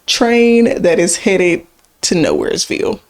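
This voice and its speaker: A young woman co-hosting a podcast, chatting candidly and sometimes rushing her words. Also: fairly low pitch, expressive. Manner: candid, chatty, laughs easily, sometimes rushes. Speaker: podcast co-host. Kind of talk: casual podcast chat.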